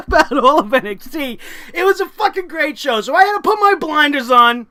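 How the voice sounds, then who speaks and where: A man's voice: very high-pitched, expressive, moderate pace, bright, forceful tone. A man reviewing a wrestling show in a profane vlog rant, swearing constantly and getting angry.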